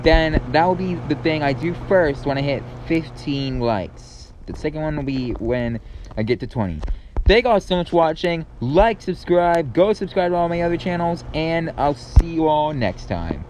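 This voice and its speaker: A man's voice: a little high, expressive, normal speed, darkish tone, a little hiss or hum. A young man doing casual gameplay commentary as a gaming YouTuber, rambling and talking to his viewers. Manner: screams in panic during chases, then rambles through the outro.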